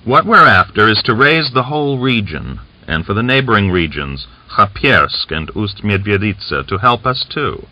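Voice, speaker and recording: A man's voice: on the low side, big pitch swings, moderate pace, few pauses, sharp tone, no room sound, exaggerated voice. Man voicing a boastful rebel Cossack leader. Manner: boastful, coaxing, smugly confident. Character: scheming bluff male rebel Cossack leader. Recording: dull lo-fi audiobook recording.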